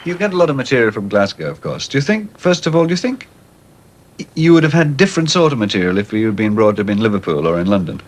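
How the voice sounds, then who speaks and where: A man interviewing a comedian for a television arts program, asking his questions in a measured, halting way. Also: lowish voice, sing-song, a faint crowd, a little hiss or hum.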